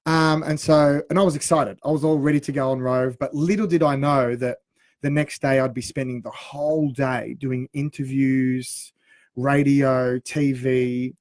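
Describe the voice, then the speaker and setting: A man in his thirties, co-hosting a radio show and telling a funny story in a lively, laughing way. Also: medium pitch, unhurried, dry recording, clean studio sound. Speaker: radio co-host. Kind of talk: casual storytelling chat.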